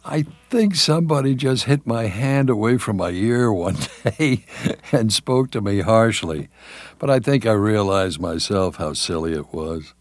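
An older man talks slowly in a low voice, pausing often with fillers and restarts. He is a veteran announcer looking back on his career, and the sound is close and dry. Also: no room sound. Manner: halting, many fillers and restarts, drops into announcer voice for quotes. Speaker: television announcer, guest. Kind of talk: reminiscing interview.

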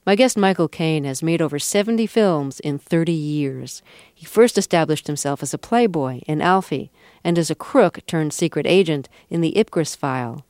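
A woman radio host, reading a measured introduction and asking questions. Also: sits low, animated, a little mellow, no echo, studio quality. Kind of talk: scripted introduction and interview.

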